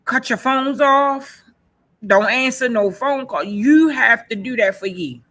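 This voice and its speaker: A woman's voice: a little high, lively intonation, measured pace, fairly bright tone. A woman in her forties speaking earnestly about her own life. She talks emphatically and repeats her key phrases. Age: 40s. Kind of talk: personal testimony in a panel session.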